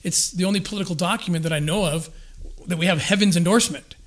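A man explaining history in a lively conversational way, acting out quotes with frequent restarts. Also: sits high, fast. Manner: energetic storyteller, acts out quotes with restarts. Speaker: guest discussing scripture and history.

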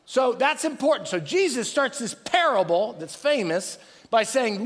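High-voiced pastor preaching in a church. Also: male voice, normal speed. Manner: energetic, calls for crowd responses, restarts phrases. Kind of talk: sermon. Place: large church hall. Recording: long reverb from a large church hall.

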